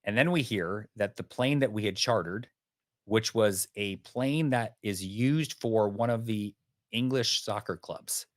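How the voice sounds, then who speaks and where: A man telling a vivid story as a podcast guest, lively and animated. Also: on the low side, measured pace, no echo, clean studio sound. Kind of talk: storytelling in an interview.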